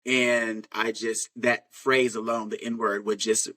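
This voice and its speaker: A man's voice: fairly low pitch, flat delivery, a little slow, sharp tone, low-quality recording. A man telling a personal story in a frank, rambling way, with many fillers and restarts.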